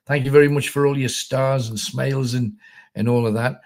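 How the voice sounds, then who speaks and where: A man's voice: medium pitch, steady tone, normal speed, darkish tone. Chatty man hosting a livestream. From North East England. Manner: rambling, chatty, self-deprecating. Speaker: host. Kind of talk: casual livestream chat, reading viewer comments.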